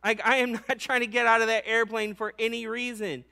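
Bright high-voiced man preaching casually. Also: fairly quick, vocal fry, clean tone. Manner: slangy and conversational, many "like"s; animated storytelling with acted-out voices. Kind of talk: casual sermon.

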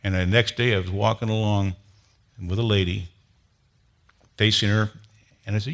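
Pastor, animated storyteller. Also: male voice, normal speed, pauses often. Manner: animated storyteller, grows loud and high when excited, then drops to a low earnest tone. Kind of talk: sermon with personal storytelling.

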